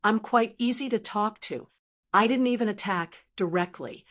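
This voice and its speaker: A woman's voice: medium pitch, normal speed, fairly bright tone, lightly acted. Domineering senior male fighter, curt and indifferent, read by a woman narrator; audiobook.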